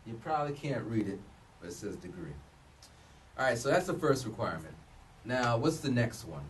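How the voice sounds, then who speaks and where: A man in his thirties chats casually to the camera, joking and often restarting mid-sentence. His pitch swings widely and animatedly. He sits some distance from the mic, with a faint background hum. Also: big pitch swings, normal speed. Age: 30s. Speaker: vlogger giving job advice. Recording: voice a bit distant from the mic, faint room noise.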